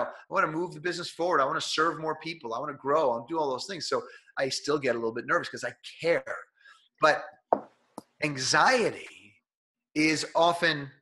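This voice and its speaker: In a conversational interview, a male guest coaches listeners on performing. He speaks with a fairly high pitch, bright and forceful, slightly nasal because he's ill, and animatedly acts out what others say.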